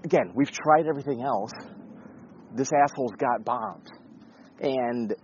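A man's voice: mid-range voice, measured pace, dull audio, slight background noise. A man giving blunt, profane, casual commentary, talking in a conversational way with frequent restarts.

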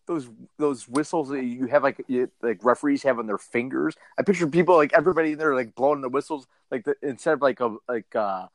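A man co-hosting a comedy podcast, riffing on a news story in a lively, profane way. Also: mid-range voice, fast, few pauses, no echo. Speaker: podcast co-host. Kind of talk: casual comedic chat.

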